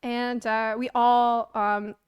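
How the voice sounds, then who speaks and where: A woman streamer telling a story casually on a stream into a close mic, animated, laughing often and acting out the quotes. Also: fairly high pitch, takes it slowly, clear, resonant tone, dry recording, highs cut off.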